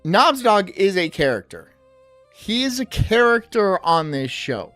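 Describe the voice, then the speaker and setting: A woman's voice: mid-range voice, very animated, a little slow, a bit bright, no room sound, soft background music. A woman hosting a casual reaction stream who teases and jokes crudely. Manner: crude, teasing, giggly. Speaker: streamer host.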